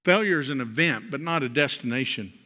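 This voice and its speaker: A man preaching a sermon, swinging from loud, rising emphasis to soft, low drops. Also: expressive, fairly quick. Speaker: pastor. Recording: long hall reverb.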